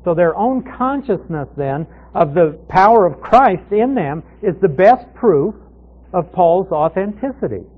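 With a high voice, lively intonation, and an unhurried pace, a man teaches a Bible passage verse by verse, chatting conversationally and answering his own questions. It sounds like a tinny, phone-quality radio broadcast.

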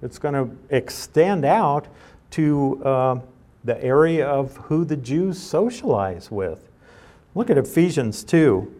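A man's voice: on the high side, expressive, slow, dark tone. A man teaching a Bible study, reading scripture aloud and then explaining it in a conversational way.

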